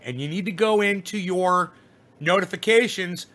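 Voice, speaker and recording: A middle-aged man hosts a casual livestream, reading out viewers' comments and answering them at length. His voice sits high and sounds bright. He rambles and swears freely as he lectures the chat. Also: moderate pace. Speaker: live streamer reading chat.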